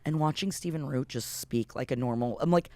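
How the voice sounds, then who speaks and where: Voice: medium pitch, fairly quick, dry recording. Rambling, gushing podcast co-host. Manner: excitable, rambling with many "like"s. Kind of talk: casual chat.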